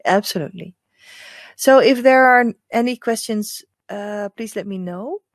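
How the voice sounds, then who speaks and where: A woman with a Dutch accent, a hypnotherapist guiding a group through a calm, slow meditation. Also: dry recording, studio quality. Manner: soft, lowered hypnotic voice in the guided part; chatty, warm welcoming with many fillers. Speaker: hypnotherapist leading a group session. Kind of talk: casual chat, then slow guided meditation.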